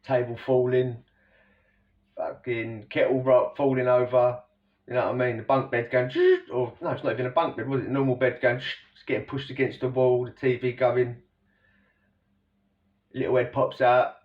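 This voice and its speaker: A man's voice: mid-range voice, flat delivery, normal speed. A man casually telling a prison story, rambling and slangy, full of asides to the listener. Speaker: storyteller recounting prison life. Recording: distant, dull lo-fi recording.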